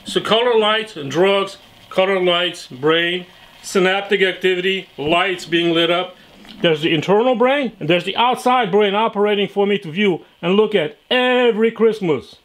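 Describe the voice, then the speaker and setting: A man's voice: high voice, normal speed, fairly bright tone. A man doing a mock-earnest comedy bit as a presenter, rambling loosely from point to point.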